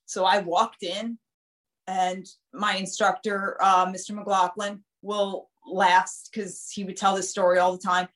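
A woman guest on an interview show, telling lively stories and acting out the voices of the people in them. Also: medium pitch, unhurried. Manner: animated, acts out quoted voices in her stories. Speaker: guest, nurse and author. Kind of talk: casual storytelling interview.

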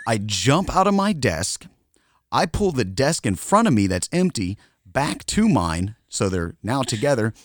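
A man with a very low voice tells a story casually on a podcast, laughing often as he goes. The recording is dry and close. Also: big pitch swings, measured pace, no echo. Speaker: podcast co-host.

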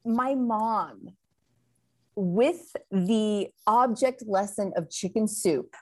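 A woman's voice: medium pitch, very slow. A woman guest on a faith talk show, telling a story animatedly and laughing often.

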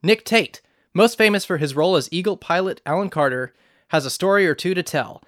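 A man hosting a podcast, reading scripted introductions smoothly. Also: high-pitched, brisk, fairly bright tone, dry recording. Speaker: podcast host. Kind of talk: scripted narration.

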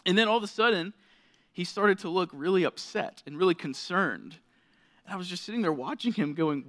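A man's voice: moderate pace, a bit bright. A young man preaching to a college group, casual and chatty, acting out parts of his story. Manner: casual, storytelling, acts out scenes with rising pitch. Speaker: pastor. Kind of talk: sermon. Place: lit stage before a college group.

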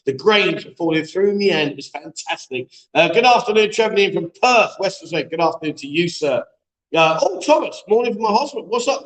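A chatty man hosts a live-stream show, joking with his co-host and reading out viewer messages. His voice sits fairly high, and the room around him rings with echo. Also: a bit bright. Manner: chatty, jokey banter, reads viewer comments aloud. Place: echoey room being set up as a studio. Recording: echoey room.

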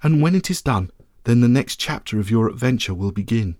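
A man's voice: medium pitch, animated, brisk, a little mellow, no echo, studio quality, close to an everyday voice. A man voicing the solemn Lady of Light in an audio storybook. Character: gentle glowing Lady of Light, a woman.

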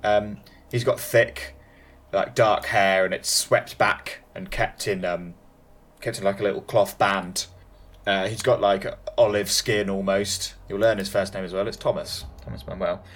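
A man's voice: lowish voice, steady tone, measured pace, fairly bright tone. Rambling male game master. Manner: rambling, with many fillers. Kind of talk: narrating a tabletop game.

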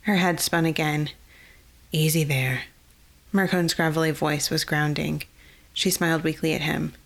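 A woman narrating a fantasy novel in a measured, even storytelling way. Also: deep voice, creaky. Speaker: audiobook narrator.

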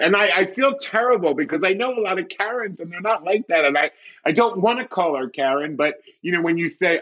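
A man, an actor and comedian, chatting as a podcast guest and telling animated stories with lots of laughter. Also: a little fast, highs cut off. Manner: animated storyteller, swoops high for quoted voices and laughs. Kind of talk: casual interview chat.

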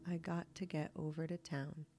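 A woman reading the lines of a gruff but kindly old grandfather in a slow, soft folksy drawl. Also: sits low, little pitch movement, soft background music, close to an everyday voice.

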